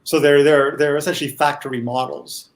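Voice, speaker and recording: A man, the creator of a TV series, explaining his choices as a guest in a casual online chat, speaking thoughtfully and haltingly. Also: fairly high pitch, level tone. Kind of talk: casual video-chat commentary.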